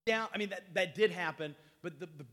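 Brief: man, higher-pitched, casual Bible class teacher, talks with the group, voices the quotes; reverberant hall. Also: fairly quick. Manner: conversational, asks the group questions, retells scenes with lively voiced quotes.

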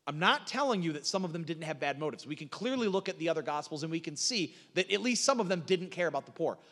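High-voiced man preaching in an echoing hall. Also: fairly bright tone. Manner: earnest, stammering restarts, rising emphatic quotes of scripture. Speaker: pastor. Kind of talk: sermon.

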